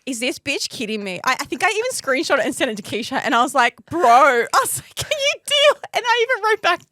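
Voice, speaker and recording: A woman's voice: sits high, very animated, very fast, pushed and bright, no echo, clean studio sound. A woman co-hosting a podcast in casual chat, blunt and teasing, often laughing. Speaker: podcast co-host.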